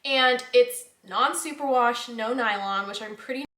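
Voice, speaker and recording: A young woman hosts her knitting vlog in a loose, chatty way, trailing off and circling back with plenty of likes and ums. Her voice sits a little high, and the room around her rings with a noticeable echo. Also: unhurried, fairly bright tone. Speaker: knitting podcast host. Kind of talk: casual chat. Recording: echoey room.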